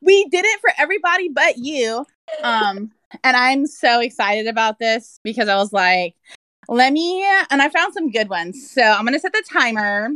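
A woman guest on a casual podcast, excitable and scattered, giggling between questions. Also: fairly high pitch, moderate pace, dry recording, rough recording.

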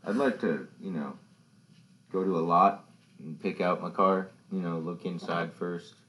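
A young man co-hosting a casual podcast chat, speaking in a dry, low-key, matter-of-fact way. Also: unhurried, a bit bright.

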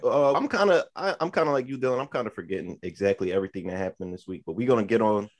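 Low-voiced, rambling podcast host. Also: male voice, lively intonation, rapid-fire. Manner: loose and rambling, curses casually, trails off with "like". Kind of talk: casual podcast chat.

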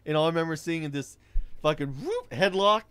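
A man's voice: fairly high pitch, expressive, a little fast, fairly bright tone. A man, telling a profane rideshare-driving story in casual chat. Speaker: rideshare driver.

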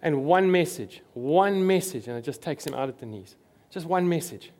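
A man's voice: on the high side, lively intonation, normal speed, darkish tone. A man preaching a sermon, earnest and emphatic, repeating his key phrases.

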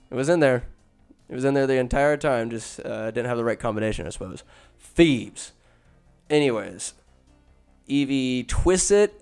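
A man talks through a film's plot in a loose, rambling, profane way, full of asides and jokes. His voice is smooth and clear at a mid pitch, with some faint music behind him. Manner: rambling, profane, animated storytelling. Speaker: film recap host. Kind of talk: casual film recap.

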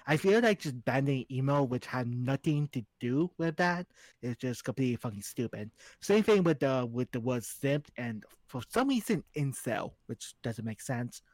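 A man's voice: mid-range voice, lively intonation, moderate pace, a little mellow, no echo. Man, podcast guest, blunt, swears a lot, exasperated, dry close sound. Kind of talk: casual chat.

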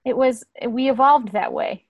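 A woman in her thirties, a comedian hosting a casual podcast chat, agreeable and quick to laugh along. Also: sits high, dry recording, highs cut off.

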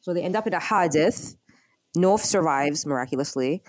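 Young woman telling a show's plot all animated, lowish mellow voice, dry sound. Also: moderate pace, dry recording. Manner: animated storyteller acting out characters' lines. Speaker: podcast co-host recapping a TV drama. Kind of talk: casual chat.

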